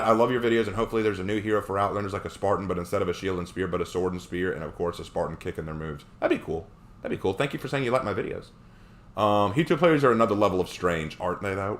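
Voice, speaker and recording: A man live streaming who chats casually with viewers, reads their comments aloud and jokes around. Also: lowish voice. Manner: animated, joking.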